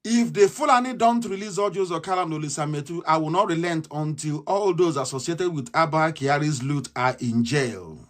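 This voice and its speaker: A man giving a fiery political address, impassioned and swinging from shouts to low mutters. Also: a little fast, hardly any pauses. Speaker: activist speaker.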